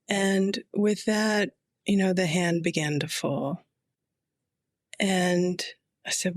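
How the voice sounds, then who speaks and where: Slow, reflective middle-aged woman storyteller. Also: lowish voice, fairly even intonation, dry recording, studio quality. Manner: slow, reflective, quietly intense. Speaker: chaplain. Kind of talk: personal storytelling.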